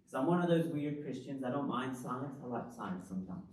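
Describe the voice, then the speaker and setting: A man preaching a sermon as pastor, in an animated, conversational style full of rhetorical questions. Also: mid-range voice, brisk, slight background noise. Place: church hall. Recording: very echoey hall, from the far mic.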